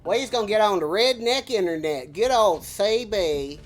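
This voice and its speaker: A woman's voice: medium pitch, lively intonation, moderate pace, soft background music, pitched above the performer's own voice, lightly acted. A woman hamming up a drawling hillbilly redneck gal. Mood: joking. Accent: exaggerated rural Southern US. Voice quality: drawling, hammed-up twang. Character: boastful hillbilly country woman, folksy.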